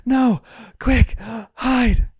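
A man voicing a cute little sister puppy from a cartoon in a breathy voice. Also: very high voice, steady tone, extremely slow, darkish tone, no room sound, studio quality, voice pushed up, heavily acted.

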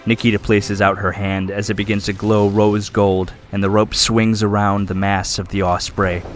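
A man's voice: fairly low pitch, level tone, moderate pace, faint music behind. A man running a tabletop game as game master, narrating the scene in vivid detail. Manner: vivid descriptive storytelling.

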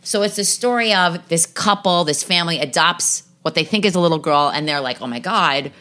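A woman's voice: on the low side, a little fast, fairly bright tone. A woman hosting a podcast, chatting casually, gossiping and swearing freely about shows she watched. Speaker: podcast host. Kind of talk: casual chat.

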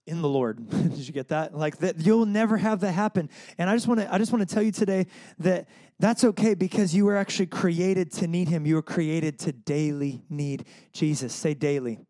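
A young man preaches in a loose, conversational way, with a slightly higher voice that swings up when he gets excited. He tells stories, chuckles often and calls out to the congregation for answers. The sound is dry and close, with little room echo. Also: normal speed. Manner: animated storytelling with laughs and call-and-response. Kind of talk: casual sermon.

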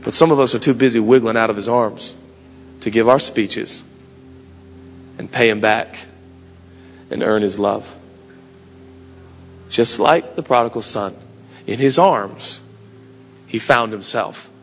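A man in his thirties preaching a sermon with passion, his voice climbing to shouts and dropping to quiet asides. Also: on the low side, measured pace, pauses often. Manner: impassioned preaching, rising to shouts. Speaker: pastor. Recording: long hall reverb, music behind.

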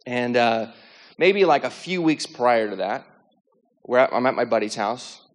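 A man's voice: mid-range voice, expressive, a little slow. A young man sharing his personal faith testimony in a casual, rambling storytelling way, full of fillers, restarts and acted-out inner thoughts.

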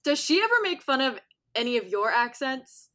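Woman host, slightly high voice, chatty and eager interviewer. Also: big pitch swings, moderate pace, sharp tone. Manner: upbeat, eager questioning. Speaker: podcast host. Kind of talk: casual interview.

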